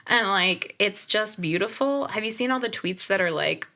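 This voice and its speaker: A woman co-hosting a podcast, teasing her co-host and reacting with quick exclamations in casual chat. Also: medium pitch, lively intonation, creaky, background noise.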